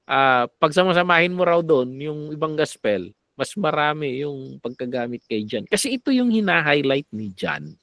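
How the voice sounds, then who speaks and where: A man with a Filipino accent teaching a Bible lesson, switching between Tagalog and English, animated, with sarcastic asides. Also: mid-range voice, no echo. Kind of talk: Taglish Bible lecture.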